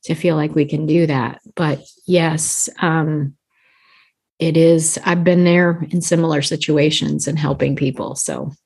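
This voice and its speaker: A woman's voice: low-pitched, fairly even intonation, a little slow, creaky, darkish tone, slightly rough. A woman in her fifties, a life coach guest on a podcast, talking earnestly and casually and laughing often between thoughts. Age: 50s.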